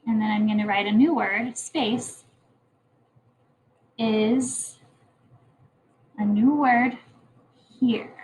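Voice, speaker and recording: A woman's voice: a little high, steady tone, drawn-out words, pauses often, darkish tone, rough recording. A woman teacher leading a morning message lesson for young children, speaking in a patient, encouraging way. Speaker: kindergarten teacher.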